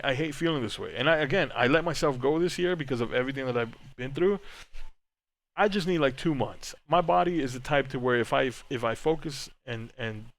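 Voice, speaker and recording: Young male co-host, open and rambling, chatty podcast talk, middle pitch. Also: a bit bright. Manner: candid and rambling, many restarts and filler words. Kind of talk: casual chat, reading live chat.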